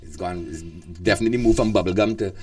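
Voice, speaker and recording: A man's voice: low voice, fast talker, darkish tone, faint music behind. A man, hosting a casual radio chat show, rambling with lots of fillers and laughs.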